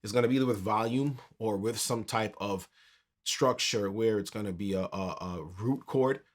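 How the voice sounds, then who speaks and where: A man teaching a keyboard tutorial in a relaxed, conversational way, counting beats aloud as he plays. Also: fairly low pitch, moderate pace. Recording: piano music under the voice.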